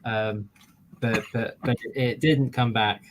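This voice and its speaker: A man's voice: medium pitch, steady tone, a little slow, slight background noise, rough recording. A man on a casual podcast, telling a story with lots of fillers and restarts. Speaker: podcast co-host. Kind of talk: casual chat.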